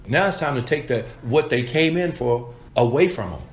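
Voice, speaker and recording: A man's voice: mid-range voice, expressive, moderate pace, hardly any pauses. A man coaching salespeople in an emphatic, repetitive style with punchy catchphrases. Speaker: sales trainer. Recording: echoey room.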